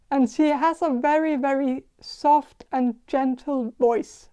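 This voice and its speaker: A woman giving a casual tarot reading, talking in a halting, hesitant way with many fillers and restarts. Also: high-pitched, steady tone, mellow, dull audio. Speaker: tarot reader.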